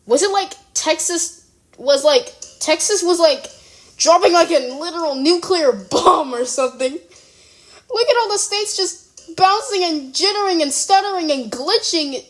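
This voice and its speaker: Giggly high-voiced young speaker reacting slowly. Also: lively intonation. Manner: giggly, keeps exclaiming in surprise; rambling, self-correcting. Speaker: reaction video creator. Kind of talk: casual reaction commentary. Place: room at home.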